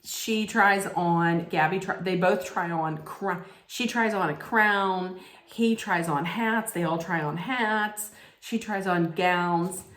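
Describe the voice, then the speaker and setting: A woman recaps a reality dating show in a casual, sarcastic vlog, cracking dry jokes. Her voice sits on the lower side and she talks at an unhurried, drawn-out pace. The sound is roomy and echoey. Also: a bit bright. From United States. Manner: sarcastic, joking commentary. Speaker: vlog host.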